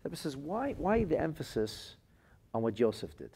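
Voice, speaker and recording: A man's voice: medium pitch, big pitch swings, moderate pace, creaky, warm tone, slight background noise. A man teaching a Torah class as a rabbi, reading phrases from classic texts aloud and translating them into plain speech. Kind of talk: lively text-based Torah lesson.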